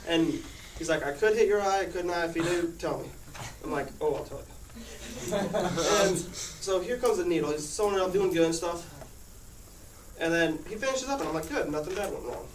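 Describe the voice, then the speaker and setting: In a noisy, echoey room picked up by a far-off mic, a teenage boy recounts a personal anecdote to his class. His voice is high-pitched and fairly quick, and he laughs often as he rambles.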